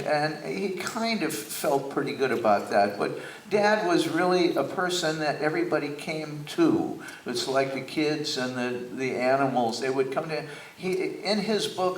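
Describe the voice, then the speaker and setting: A man's voice: mid-range voice, slight background noise. A man telling stories about his father on stage before an audience, talking with frequent restarts. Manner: reminiscing, warm storytelling with restarts. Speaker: guest speaker. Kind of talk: onstage talk with a live audience. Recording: echoey theater, mic from a distance.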